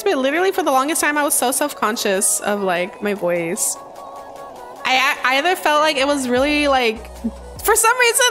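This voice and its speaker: Bubbly high-voiced woman streamer. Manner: bubbly, greets and thanks chat nonstop, excited gasps. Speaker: live-stream gamer host. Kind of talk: casual live-stream chat while gaming.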